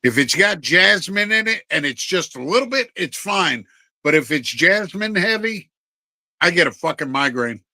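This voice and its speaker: A middle-aged man in a casual chat, blunt and quick with crude jokes. His voice sits high for a man and comes out very bright and sharp. The sound is dry and close. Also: sing-song, no echo, poor audio.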